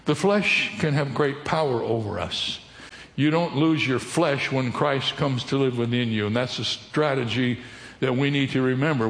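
A man preaching to his congregation, his medium-pitched voice ringing through a large hall with long reverb. He teaches in a steady sermon manner and keeps putting questions to his listeners. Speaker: pastor.

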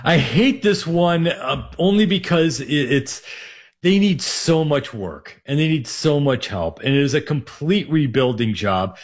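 A man's voice: on the high side, animated, unhurried. A man from Minnesota, co-hosting a sports radio show, breaking down college football win totals in a rambling way, full of fillers. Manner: rambling, heavy on fillers like "you know" and "like". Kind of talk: sports betting talk on air.

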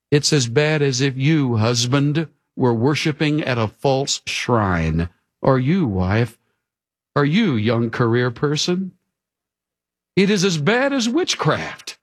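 A man preaching a sermon in an earnest way, dropping low and soft for emphasis. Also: very animated, a little slow. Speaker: pastor.

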